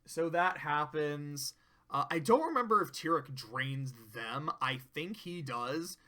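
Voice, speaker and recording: Brief: male reviewer, loose profane recap, fairly high voice, bright and forceful tone. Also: lively intonation, slow. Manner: rambling, profane, self-interrupting. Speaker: cartoon episode reviewer. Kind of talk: casual recap commentary.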